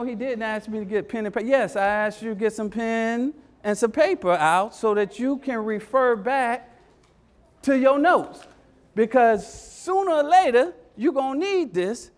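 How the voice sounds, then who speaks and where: Male workshop speaker, strikingly high voice, preacherly call-and-response, hammers repeated lines. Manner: call-and-response, repeats phrases, keeps asking "Hello?". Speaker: education speaker leading a parent workshop. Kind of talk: energetic motivational workshop talk.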